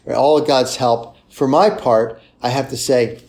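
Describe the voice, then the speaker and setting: A man preaching in a loose, conversational way, with a gravelly edge to his voice that sits at a middling pitch. He keeps checking in with his listeners and drops into a hushed tone when he acts out a penitent's words. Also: a little slow, noisy background. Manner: lively and conversational, often tagging "right?". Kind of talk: sermon.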